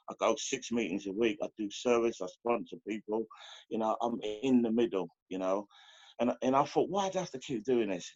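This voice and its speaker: A man's voice: lowish voice, no echo, dull audio. A middle-aged man from London giving a heartfelt, rambling share at a recovery meeting, full of "you know" fillers.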